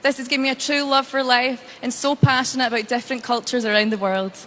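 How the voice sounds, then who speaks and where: A woman's voice: high-pitched, steady tone, fast, heavy background noise. A woman giving a fluent, rehearsed pageant self-introduction. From Scotland. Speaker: pageant contestant.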